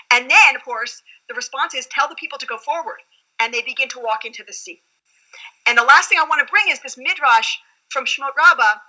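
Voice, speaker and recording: A woman's voice: high voice, sharp tone, poor audio. A woman rabbi explaining scripture in an earnest, reflective teaching tone during a study conversation.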